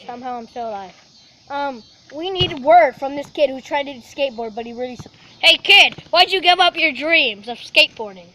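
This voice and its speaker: A woman's voice: high-pitched, animated, moderate pace, pushed and bright, slight background noise, low-quality recording. A woman playing a silly news reporter in a homemade comedy video, using mock-formal newscaster patter. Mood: mock serious.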